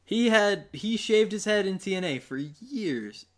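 A man's voice: sits high, lively intonation, measured pace, fairly bright tone. A man hosting a podcast in casual, joking chat with his co-host. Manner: joking, wry, chatty.

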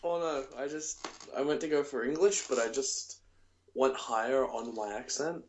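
A man's voice: mid-range voice, fairly even intonation, normal speed, a little hiss or hum. An Australian man with an Australian accent, co-hosting a podcast in casual, teasing chat. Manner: teasing, playful. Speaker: podcast co-host.

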